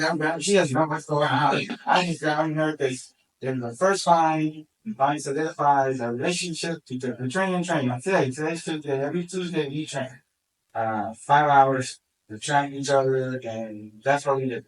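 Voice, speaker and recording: A man who handles a search dog tells the story at a community meeting, excitedly acting out what he said. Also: a little high, normal speed. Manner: excited, acts out his own quoted remarks. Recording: distant from the mic.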